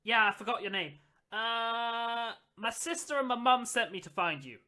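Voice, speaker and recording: A game master voicing a cheeky young elf boy in a tabletop game, with high, drawn-out calls. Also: expressive, sharp tone.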